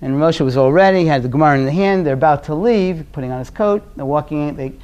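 Earnest man lecturing with gentle stories. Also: fast talker, clear, resonant tone, highs cut off. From Brooklyn, New York. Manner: earnest, often drops into a quiet, low storytelling voice. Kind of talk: conversational lecture with storytelling.

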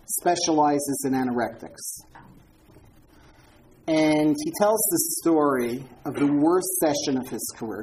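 A woman's voice: low voice, warm tone, a little hiss or hum, poor audio. A woman giving an informal talk and answering audience questions, speaking conversationally with repeated words and frequent ums as she tells stories. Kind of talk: informal lecture with Q&A.

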